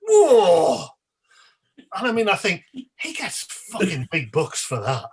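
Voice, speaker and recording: Husky man rambling with mockery. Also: sits high, sing-song, moderate pace, a bit bright. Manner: rambling, mocking comic. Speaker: panel guest. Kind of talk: casual panel chat.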